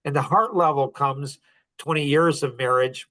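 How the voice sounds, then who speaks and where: A man's voice: fairly high pitch, moderate pace, a bit bright, no echo. Earnest middle-aged man, dry close sound. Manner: earnest and heartfelt, with frequent restarts. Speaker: podcast host. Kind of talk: personal storytelling.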